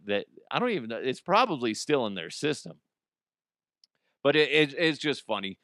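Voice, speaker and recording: A man who is a radio host, telling a casual comedic story, animated, swearing and laughing as he talks. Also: medium pitch, no room sound, studio quality. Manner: animated, swearing, laughs often, slips into voices.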